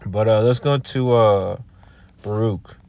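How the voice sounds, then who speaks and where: A man giving informal scripture teaching in a blunt, halting way. He repeats words and keeps asking "all right?". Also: on the low side, gravelly, warm tone. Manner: blunt, profane. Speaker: religious teacher.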